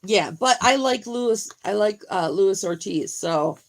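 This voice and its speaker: Gravelly-voiced chatty woman guest. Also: medium pitch, lively intonation, unhurried. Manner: talkative, enthusiastic about boxing. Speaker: guest on a livestream. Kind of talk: casual livestream chat.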